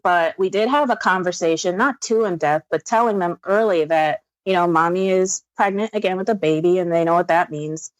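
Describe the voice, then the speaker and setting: A woman's voice: fairly low pitch, a little fast, hardly any pauses, dry recording. A woman in her thirties from upstate New York, a podcast guest telling family stories in casual chat, with fillers and easy laughter. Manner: warm storytelling with frequent laughs and fillers.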